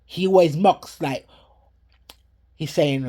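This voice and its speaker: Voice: medium pitch, normal speed, a little mellow. A preacher in England giving an earnest, preachy warning about a dream and quoting scripture, recorded on a handheld phone. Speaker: prophetic ministry preacher. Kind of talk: commenting on a dream and a played video. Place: at home in England.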